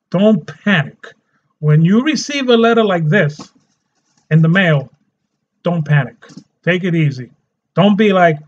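A man's voice: high voice, dull audio. A man hosting a health channel, delivering a scolding, emphatic rant to his viewers. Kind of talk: ranting monologue.

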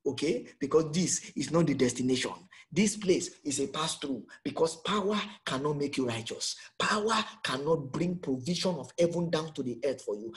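A man's voice: on the high side, expressive, normal speed, hardly any pauses. A man with a Nigerian accent preaching an emphatic sermon as pastor, full of rhetorical questions.

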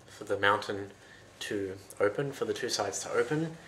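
A man retelling a folktale in a loose, lively, conversational way. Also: on the low side, moderate pace, slight background noise. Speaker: storyteller. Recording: roomy echo.

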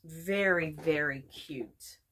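A woman's voice: sits low, slow pace, pushed and bright, breathy edge. A middle-aged woman from Pennsylvania reviewing a subscription box in a casual unboxing video, gushing and repeating her words as she reads labels aloud.

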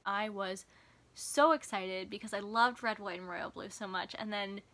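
A woman chatting excitedly as a book reviewer in a casual vlog, gushing over a book she loves. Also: mid-range voice, moderate pace.

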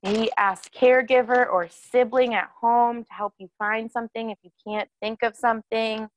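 A woman's voice: medium pitch, no echo. Woman, kids yoga teacher, upbeat and encouraging, mid-range voice, dry close sound. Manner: cheerful, encouraging, asks children questions. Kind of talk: guiding a children's yoga class.

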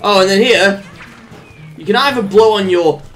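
A let's play commentator giving casual gameplay commentary, humming little made-up tunes, cooing at the game characters like pets and letting out sudden excited yelps and laughs. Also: mid-range voice, moderate pace, faint music behind. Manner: hums little made-up tunes while playing.

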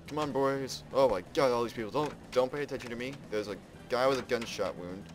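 A man giving casual let's play commentary, excitably exclaiming and narrating what he does in the game. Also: on the low side. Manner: excitable, exclaims and narrates his own actions. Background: game music.

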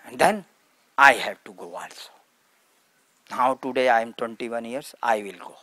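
A man's voice: mid-range voice, normal speed, bright, forceful tone, no echo. A man, a spiritual teacher speaking in simple broken English with short repeated phrases at a satsang. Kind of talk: satsang talk to a gathering.

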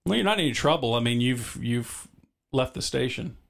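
A male stream host with a gravelly, fry-laden voice, easygoing and unhurried. He keeps the chat moving by prompting questions at an ordinary middle pitch. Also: expressive, fairly bright tone.

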